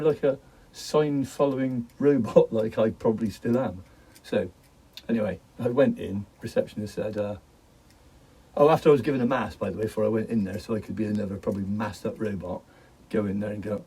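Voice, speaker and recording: A middle-aged man rambles through a casual vlog, joking and laughing as he drifts between topics. His voice is mellow and slightly husky. He sits a bit back from the microphone. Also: on the low side, brisk, far from the mic, rough recording. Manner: jokey, laughs often, wanders off topic. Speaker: vlogger.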